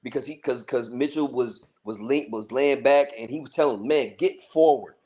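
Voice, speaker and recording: A man's voice: mid-range voice, brisk, darkish tone, husky. A man on a fan panel agreeably recounting a moment from the match. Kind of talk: casual match discussion.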